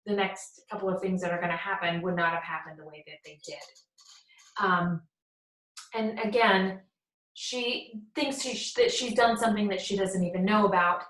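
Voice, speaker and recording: A woman summarizing a play for a class in a loose, casual way, jumping into the characters' lines as she goes. Her voice sits at an ordinary middle pitch. The room around her is noticeably echoey. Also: steady tone, moderate pace, fairly bright tone. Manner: retells scenes, acting out quotes in paraphrase. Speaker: teacher. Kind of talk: casual plot summary lecture.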